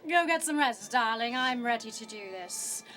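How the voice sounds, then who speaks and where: A woman's voice: a little high, expressive, moderate pace, fairly bright tone, a little hiss or hum, poor audio. A woman voicing a posh adventuress who calls everyone darling in a lofty, affected way. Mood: haughty.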